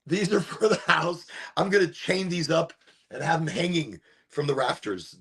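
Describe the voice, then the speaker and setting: A man hosting his own podcast, rambling in a relaxed, playful and self-amused way. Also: on the high side, moderate pace, breathy edge. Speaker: podcast host. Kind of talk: casual stoned monologue.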